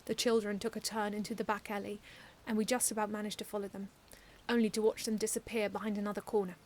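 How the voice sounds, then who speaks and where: A woman's voice: medium pitch, quick pace. Woman earnestly reading her own story. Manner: earnest, expressive reading with frequent restarts. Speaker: fan fiction author reading aloud. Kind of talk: first-person story reading.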